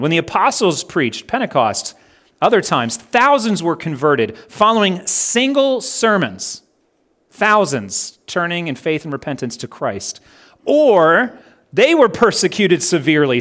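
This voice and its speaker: A man preaching a sermon in a slightly high, earnest voice. He slows down and hits each phrase in a list with weight. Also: sing-song, fairly bright tone. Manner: earnest, slows down and stresses items in lists. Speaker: pastor.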